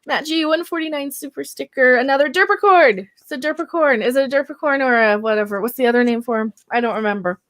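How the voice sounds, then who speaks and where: A woman's voice: high voice, fast, few pauses, fairly bright tone, no room sound, studio quality. A woman hosting her birthday livestream, reading out super chats in a rambling, giggly, easily sidetracked way while stoned. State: tipsy and stoned.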